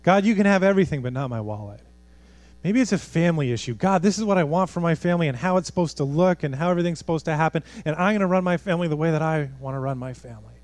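A man preaching a sermon as a pastor, earnest, moving from lively urgency to hushed, quiet appeals. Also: a little high, rapid-fire, few pauses, no echo. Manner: earnest, swings from animated to hushed.

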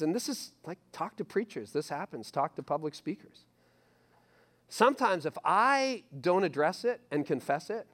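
Lively middle-aged male pastor preaching. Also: on the high side. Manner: animated, acts out listeners' inner voices, repeats phrases. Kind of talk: sermon.

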